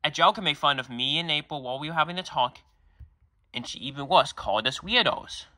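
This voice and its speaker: A man's voice: fairly high pitch, brisk, pushed and bright, no room sound, studio quality. A man voicing an indignant boy who scolds a bully in a homemade cartoon. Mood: scolding. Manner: scolding, stern. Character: indignant young boy, big brother.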